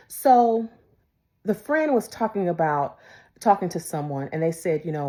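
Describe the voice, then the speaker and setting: A woman preaching a devotional sermon, emphatic and repetitive, moving between loud declarations and hushed whispers. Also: on the low side, animated, a little slow. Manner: repeats phrases for emphasis.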